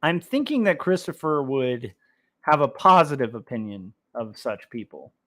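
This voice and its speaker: A man's voice: mid-range voice, big pitch swings, moderate pace, a bit bright. A man hosting a livestream while he draws comics, chatting casually and reading out chat messages, rambling with many fillers and restarts. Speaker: livestream host drawing comics.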